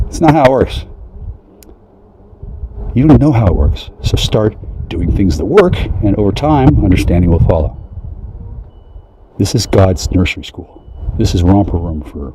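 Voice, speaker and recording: A man talks in a long, profane, rambling monologue. His voice sits low and dark but jumps wildly in pitch as he mocks imagined people. A faint noise hangs in the background. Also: expressive, moderate pace, pauses often, rough recording. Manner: profane, rambling, swings into mocking high voices.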